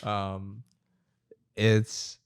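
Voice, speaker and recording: A man's voice: on the low side, completely flat delivery, extremely slow, smooth, no room sound, clean studio sound. A young man co-hosting a podcast, chatting casually, rambling with lots of fillers and freely swearing. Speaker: podcast co-host. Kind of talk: casual chat.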